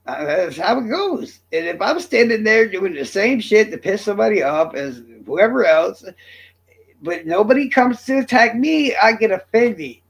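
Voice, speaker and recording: A man rants at his viewers in a husky voice that swings up high and all over the place. He is profane and combative, and he talks straight to his audience in a livestream monologue. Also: very animated, normal speed. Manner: profane, combative, addressing chat directly. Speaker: streamer.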